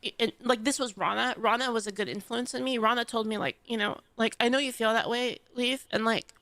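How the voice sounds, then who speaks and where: A woman with a fairly high voice, rambling through an emotional, profane livestream monologue. Her talk is casual and full of fillers. The recording is dry and close, with no room sound. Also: fairly even intonation, fairly quick, sharp tone, no room sound. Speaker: streamer.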